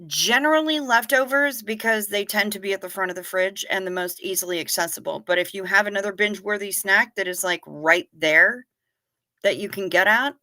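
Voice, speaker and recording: A woman hosting a casual livestream, chatting and reacting to comments with quick asides. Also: mid-range voice, pushed and bright, no room sound. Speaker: livestream host reading chat. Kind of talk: casual chat.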